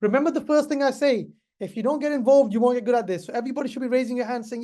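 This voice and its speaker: A man's voice: very high-pitched, rapid-fire, dark tone. A middle-aged man teaching pharmacists in an online webinar, chatty and repetitive, speaking straight to his class. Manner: chatty, repeats himself, addresses the class directly.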